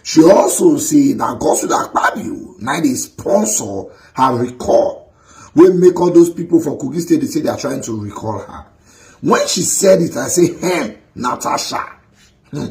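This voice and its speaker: Gravelly man with a Nigerian Pidgin accent. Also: fairly high pitch, big pitch swings, normal speed, a little mellow, poor audio. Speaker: commentator. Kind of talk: casual vlog commentary.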